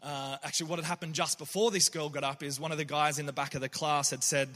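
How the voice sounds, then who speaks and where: A man with a bright, forceful voice gives a reflective faith talk and tells stories along the way. He is earnest and keeps restarting his sentences. He sits a little higher than most men, and his voice rings out in a long reverb. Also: steady tone, fast talker. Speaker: poet and speaker.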